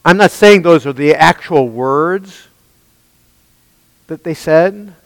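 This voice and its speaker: A man preaching a sermon in an emphatic way, asking his listeners rhetorical questions and swinging between loud and hushed passages. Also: a little high, takes it slowly, no room sound, rough recording.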